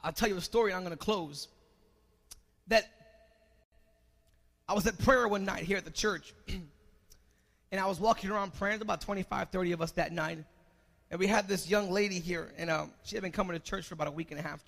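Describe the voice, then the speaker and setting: A man preaching a sermon as pastor, moving from quiet storytelling into loud, rising exhortation. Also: sits high, fairly quick, creaky, pauses often, long reverb tail.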